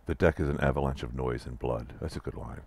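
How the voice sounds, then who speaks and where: A man's voice: very deep voice, steady tone, fast talker, creaky, darkish tone, slightly rough. A man playing an interactive fiction game, reading its text aloud and adding dry, wry asides of his own. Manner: dry wry asides between narrated passages. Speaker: let's play player reading text aloud.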